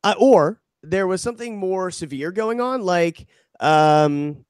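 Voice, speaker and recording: A man's voice: high voice, animated, slow pace, darkish tone, clean tone, dry recording. Young man in loose, joking podcast banter. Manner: joking, swearing, puts on mock Canadian voice. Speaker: podcast co-host.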